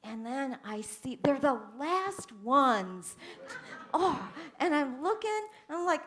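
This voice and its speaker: An older woman minister giving a sermon, telling stories with animated swings from hushed to loud. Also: high-pitched, a little slow, creaky, slight background noise.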